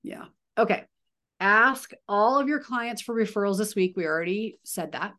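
A woman's voice: mid-range voice, moderate pace, fairly bright tone. A woman in her thirties leading a team video call, chatty and upbeat with frequent asides and coaching pep.

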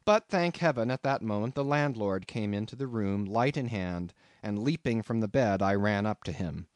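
A man reading a classic novel aloud as an audiobook narrator, in an expressive, dramatic way. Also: lowish voice, normal speed, no room sound.

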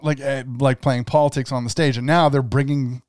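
A man co-hosting a podcast, relaxed and agreeable in casual chat. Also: mid-range voice, fairly quick, dry recording, studio quality. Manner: relaxed, agreeable, laid-back. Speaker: podcast co-host.

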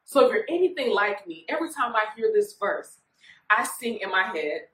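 A woman's voice: mid-range voice, big pitch swings, moderate pace, fairly bright tone. Woman minister teaching with a roomy echo. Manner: informal, often checks in with listeners. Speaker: minister leading a Bible study. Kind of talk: conversational Bible study teaching. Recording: echoey room, voice far from mic.

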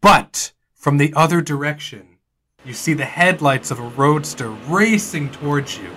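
A man's voice: a little high, animated, a little slow, pushed and bright, a little hiss or hum. A man narrating as game master in a tabletop game, hesitant, with many fillers.

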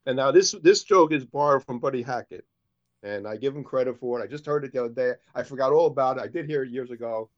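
A man at a middle pitch spins long jokes in a loose, chatty way. He slips into the characters' voices as he goes, and the sound is dull and lo-fi. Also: fast. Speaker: co-host. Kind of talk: casual joke-telling.

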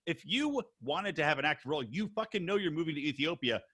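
Lively, bright-voiced man ranting bluntly. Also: fairly high pitch, quick pace, husky. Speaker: podcast co-host. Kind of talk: casual podcast chat.

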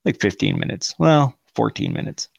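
A man's voice: lowish voice, very animated, moderate pace, vocal fry, breathy edge, dry recording, highs cut off. A married man co-hosting a podcast, chatting casually with heavy swearing and frequent laughter. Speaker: podcast co-host. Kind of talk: casual profane chat.

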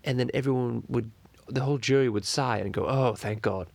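A man's voice: mid-range voice, a little fast, vocal fry, dry recording. A man voicing a foul-mouthed, rambling cartoon baby boy in an improvised parody monologue full of crude tangents.

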